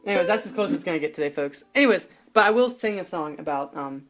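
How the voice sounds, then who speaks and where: A woman's voice: fairly low pitch, expressive, fast. A woman hosting a casual podcast, chatting in a rambling, self-deprecating way and improvising songs on guitar. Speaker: podcast host. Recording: loud guitar music underneath.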